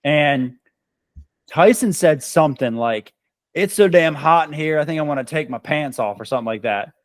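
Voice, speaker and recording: A man's voice: fairly high pitch, lively intonation, normal speed, no room sound. A man in a casual chat telling a card-game story, laid-back, laughing often and calling friends "dude". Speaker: podcast co-host.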